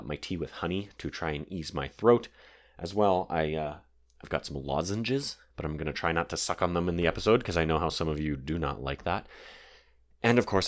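A man with a sore throat hosting a casual solo podcast from his home basement, rambling with lots of fillers and digressions. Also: extremely low pitch. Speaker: podcast host.

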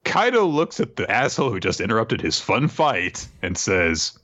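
A man's voice: lowish voice, sing-song, normal speed, few pauses, fairly bright tone. A man on a podcast animatedly retelling an anime episode in casual, profane chat. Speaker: podcast co-host. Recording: dull lo-fi sound.

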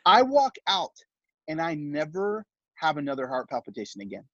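A middle-aged man on a podcast, telling a heartfelt personal story in an animated, casual way full of fillers. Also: fairly high pitch, normal speed, no echo, lo-fi sound. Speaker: podcast guest.

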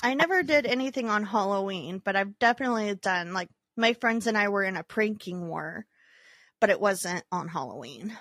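A young woman in mid pitch co-hosts a casual podcast. She tells stories with animation and lots of "like" and "um". The sound is dry and close to the mic. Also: normal speed, dry recording. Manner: animated storyteller, many fillers. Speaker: podcast co-host. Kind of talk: casual chat.

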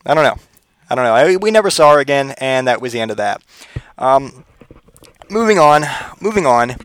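A man's voice: mid-range voice, expressive, normal speed, a bit bright, clean tone, no room sound. A man hosting his own podcast, telling crude, rambling comedic stories and acting out voiced quotes. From Pennsylvania, US. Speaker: podcast host. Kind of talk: profane comedic storytelling.

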